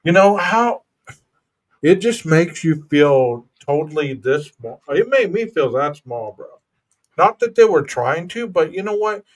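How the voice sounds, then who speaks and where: A man's voice: a little high, animated, unhurried. Guy hosting a live chat stream, earnest and thoughtful, keeps saying bro. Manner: earnest, reflective, says "bro" and "you know". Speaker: podcast host. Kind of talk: casual livestream chat.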